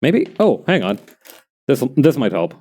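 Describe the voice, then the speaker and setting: A man's voice: mid-range voice, huge pitch swings, a little slow, a little mellow. A man streaming as he makes a plush, rambling and joking and often laughing. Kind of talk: casual chat while crafting.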